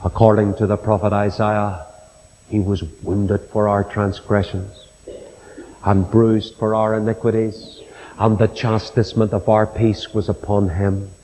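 A middle-aged man preaching a sermon, telling stories slowly and earnestly and building to solemn emphasis. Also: lowish voice, flat delivery, mellow. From Ireland. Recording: long reverb of a large hall.

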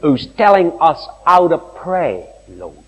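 A man's voice: fairly high pitch, sing-song, slow, pitched above the performer's own voice, full character voice. A man voicing a plain-spoken former burglar with a Cockney accent, praying bluntly and directly. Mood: blunt, defiant. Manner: blunt, direct, unadorned prayer. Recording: long hall reverb.

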